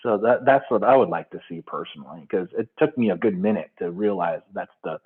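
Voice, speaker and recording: A man's voice: low-pitched, brisk. A man calling in to a fan show, talking casually and rambling with many fillers. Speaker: caller. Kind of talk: casual phone-in chat. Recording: tinny phone line.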